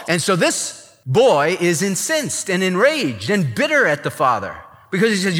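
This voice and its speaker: A man preaching a sermon in an emphatic, animated way, acting out the people he quotes. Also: sits high, normal speed. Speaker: pastor. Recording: long reverb of a large hall.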